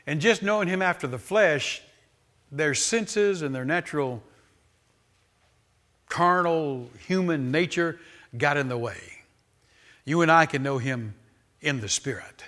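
Emphatic preacher, a man with a bright, tense tone. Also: on the high side, a little slow, pauses often. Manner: emphatic, swells loud on key words, repeats phrases; exclamations of praise between points. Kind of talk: sermon. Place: church service before a congregation.

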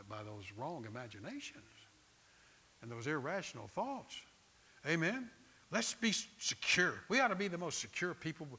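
A middle-aged pastor, preaching in a conversational, storytelling way and often repeating words. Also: male voice, medium pitch, bright, forceful tone, a little hiss or hum. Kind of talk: sermon.

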